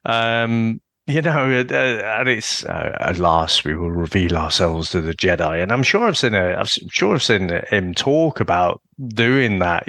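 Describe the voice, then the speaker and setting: Gravelly man in casual chat. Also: on the low side, a bit bright, no echo. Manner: rambling, swears freely, many restarts. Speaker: podcast co-host.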